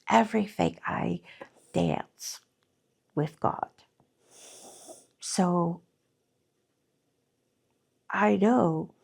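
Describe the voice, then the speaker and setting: A middle-aged woman talking slowly and from the heart in a personal vlog, often pausing to search for words, at times teary-eyed. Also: fairly low pitch, creaky, a little mellow. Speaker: artist vlogger.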